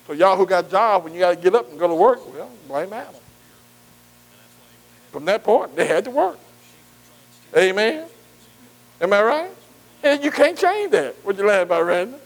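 A man's voice: high voice, expressive, fairly quick, rough recording. A man preaching a sermon as pastor, in a call-and-response style that keeps quizzing the congregation and asking "amen". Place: church.

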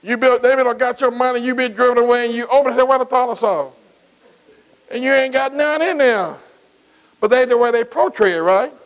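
A man's voice: very high-pitched, fairly quick, clean tone, rough recording. A middle-aged man preaching a sermon, asking his congregation questions and repeating phrases in a call-and-response cadence.

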